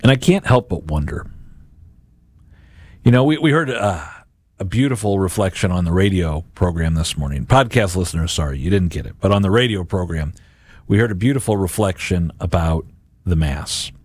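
A man's voice: sits low, normal speed, breathy edge, no echo. A man hosting a Catholic radio and podcast show, giving a homily-like reflection and acting out imagined voices. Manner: animated, acts out imagined voices.

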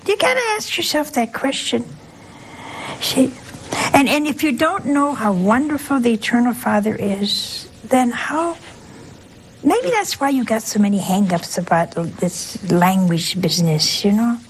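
A woman's voice: on the high side, lively intonation, measured pace, a little hiss or hum, poor audio. An older woman, a nun, giving a folksy sermon full of rhetorical questions and asides to her listeners. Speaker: nun preaching a talk.

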